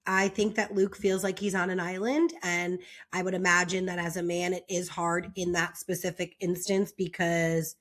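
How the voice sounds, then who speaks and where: A woman's voice: fairly low pitch, flat delivery, normal speed. A young woman giving a casual, opinionated recap of a reality show, chatty and peppered with fillers, often exasperated. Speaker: reality TV commentator.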